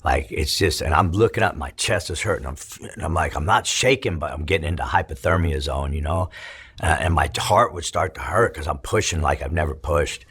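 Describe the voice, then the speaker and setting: A middle-aged man from California, telling his story in an interview, profane and halting with many restarts. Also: a bass voice, a bit bright, husky. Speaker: interview guest, former prisoner. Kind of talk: emotional storytelling.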